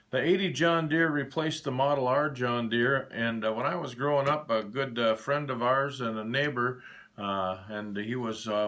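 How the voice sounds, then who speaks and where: A man's voice: medium pitch, fairly bright tone. An older man from Minnesota hosting a children's show, chatting folksily with many fillers. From Minnesota, United States. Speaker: host reading a children's book. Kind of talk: storybook read-aloud to children.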